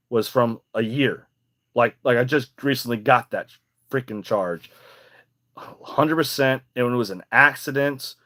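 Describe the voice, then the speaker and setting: A man's voice: medium pitch, a bit bright. A young adult man hosting a podcast, telling a personal story in a rambling, emphatic way with casual swearing. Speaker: podcast host.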